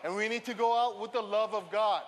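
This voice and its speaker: A man giving an energetic call-and-response sermon to a family audience in a church hall. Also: high voice, a little fast. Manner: energetic, call-and-response, switching between English and Korean. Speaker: youth pastor. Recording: long hall reverb, faint music.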